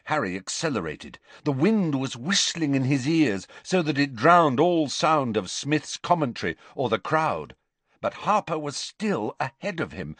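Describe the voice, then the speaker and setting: Animated male audiobook narrator. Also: a little high, no echo. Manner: animated, dramatic reading. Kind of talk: scripted narration.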